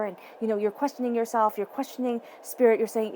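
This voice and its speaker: A woman's voice: fairly high pitch, fairly even intonation, fast talker, few pauses, dark tone, a little hiss or hum. Woman doing a tarot reading to camera, emphatic, says stuff twice, talks right at you. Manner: emphatic, repeats key phrases, speaks straight to the listener. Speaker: tarot reader. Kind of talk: tarot reading addressed to viewers.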